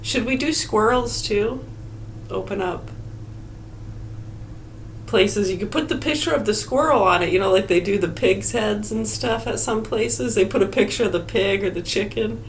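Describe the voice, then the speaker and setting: A woman's voice: medium pitch, slight background noise. A middle-aged woman vlogging in a casual, sarcastic rant full of swearing. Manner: profane, sarcastic, heated. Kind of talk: casual ranting monologue.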